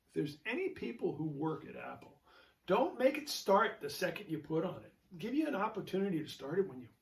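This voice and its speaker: A man's voice: fairly high pitch, big pitch swings, a little fast, creaky, far from the mic. A man hosting his own show, telling a rambling story in a casual, chatty way with many fillers and restarts. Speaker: show host, jazz guitarist.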